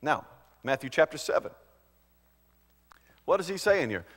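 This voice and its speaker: A male pastor delivering a sermon, swinging between loud, emphatic preaching and quiet, conversational storytelling. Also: on the high side, very animated, normal speed, big-room sound.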